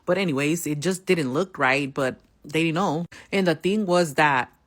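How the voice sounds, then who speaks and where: A woman's voice: sits low, moderate pace. A woman casually telling a personal story, swearing heavily in street slang and acting out each person she quotes.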